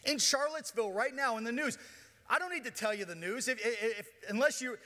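A man's voice: extremely high pitch, a little fast, sharp tone. A man preaching a sermon to his congregation, joking and asking them to join in. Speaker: pastor. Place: church auditorium. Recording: long church hall reverb.

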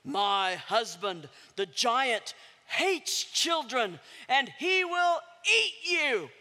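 A woman's voice: fairly high pitch, very animated, very slow, pushed and bright, in a large hall, exaggerated voice. Woman playing the giant's wary wife. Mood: warning.

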